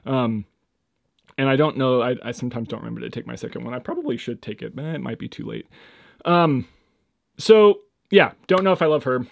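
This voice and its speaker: A young man hosting his first solo podcast, rambling with lots of fillers, his voice jumping between loud and quiet as he drifts on and off the microphone. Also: brisk, vocal fry, no echo. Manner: rambling, lots of fillers, swings in loudness and pitch. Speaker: podcast host. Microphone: home microphone, moves on and off it.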